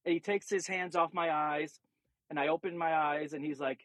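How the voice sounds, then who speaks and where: High-voiced man telling a story. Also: moderate pace, no echo. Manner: animated storyteller, acts out quotes. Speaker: podcast co-host. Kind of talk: casual anecdote telling.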